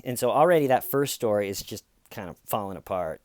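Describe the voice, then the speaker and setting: A man's voice: lowish voice, lively intonation, a little fast, few pauses, darkish tone, dry recording. A man giving wry, rambling comedic commentary on a true-crime call, with sarcastic asides. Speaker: comedian host.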